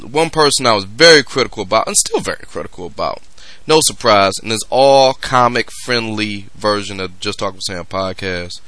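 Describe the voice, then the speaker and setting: A man's voice: mid-range voice, bright, forceful tone, no echo. A man hosting a podcast, ranting in a casual, emphatic and profane way. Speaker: podcast host. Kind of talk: casual commentary rant.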